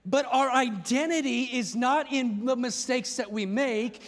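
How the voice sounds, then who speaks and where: A man preaching a sermon in a large church hall, with an urgent, impassioned delivery. His voice sits fairly high for a man. Long reverb hangs behind every phrase. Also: a little slow, hardly any pauses, a little hiss or hum. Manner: impassioned preaching that rises to shouts. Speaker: pastor.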